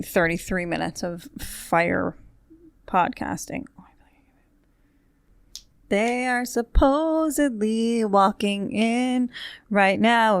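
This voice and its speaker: Woman, podcast host, rambling casual chat, wry asides, smooth clear voice, dry close sound. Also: mid-range voice, no echo. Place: recording studio.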